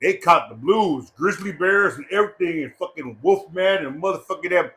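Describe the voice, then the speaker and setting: A man giving a rambling, joking eulogy at a memorial gathering, loud and full of swearing. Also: on the high side, lively intonation, normal speed. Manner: profane, loud and jokey, breaks into laughter.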